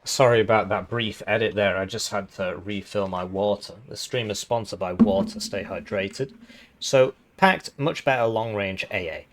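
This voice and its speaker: A man with a hoarse, tiring voice, casually explaining strategy game tactics and often adding "right?". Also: lowish voice, moderate pace. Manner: chatty, explanatory, tag questions. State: hoarse, voice giving out. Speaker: gaming video host.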